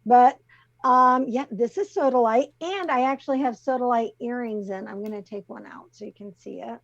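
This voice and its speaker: A middle-aged woman co-hosting a talk show, chatting easily and laughing often as she gently explains things over a video call. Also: on the high side, normal speed, creaky. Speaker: co-host presenting the crystal of the week. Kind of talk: casual chat. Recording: slightly muffled call audio.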